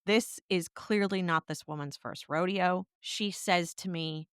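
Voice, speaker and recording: A woman with a smooth, clear voice tells a personal story on a podcast, candid and animated as she goes. Her voice sits at a middle pitch and sounds dry, with little room in it. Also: measured pace, hardly any pauses, no room sound. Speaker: podcast co-host.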